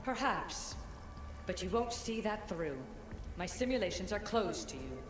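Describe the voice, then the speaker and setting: An actress playing a stern, cautious woman in a video game cutscene, speaking in a measured, disapproving way. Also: mid-range voice, expressive, lightly acted. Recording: echoey game audio with ambient noise.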